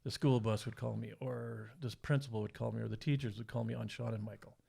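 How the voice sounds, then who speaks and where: A middle-aged man from Montana, a father and retired cop, telling stories in relaxed podcast chat. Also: medium pitch, fast talker, vocal fry, breathy edge. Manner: relaxed storyteller acting out quotes. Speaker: podcast guest, father of four athletes. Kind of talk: casual storytelling.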